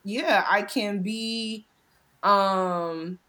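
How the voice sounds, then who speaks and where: An American woman in her thirties from Cleveland, hosting a casual podcast chat as an animated, emphatic storyteller who laughs often. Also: medium pitch, very slow, rough recording. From Cleveland, USA. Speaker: podcast host.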